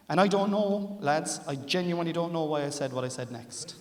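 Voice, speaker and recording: Irish stand-up comic in an echoing theatre. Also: male voice, fairly high pitch, fairly quick, hardly any pauses. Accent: Irish, Cork. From Ireland. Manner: confiding, building to loud punchlines. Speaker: stand-up comedian. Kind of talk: stand-up storytelling. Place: large theatre stage with audience. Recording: roomy theatre reverb with audience.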